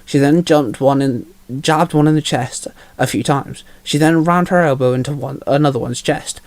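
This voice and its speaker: A man's voice: fairly high pitch, normal speed, a little mellow, no room sound. Man reading his own fanfiction aloud. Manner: plain storytelling with small slips. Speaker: narrator and author.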